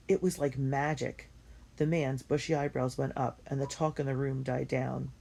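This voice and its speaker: Gravelly-voiced woman reading a diary. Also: a bass voice, level tone, normal speed, dark tone. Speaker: audiobook reader. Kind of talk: first-person diary reading.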